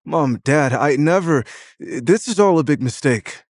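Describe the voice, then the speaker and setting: A man's voice: on the high side, expressive, measured pace, a little mellow, dry recording, voice pushed up. A man voicing a flustered, defensive young man who stammers in an audio drama.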